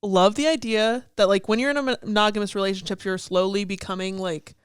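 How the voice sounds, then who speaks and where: A woman's voice: mid-range voice, fairly even intonation, quick pace, smooth, dry recording, clean studio sound. A young woman in her twenties co-hosting a casual podcast chat about song lyrics, chatty and peppered with "like" and casual swearing. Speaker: podcast co-host.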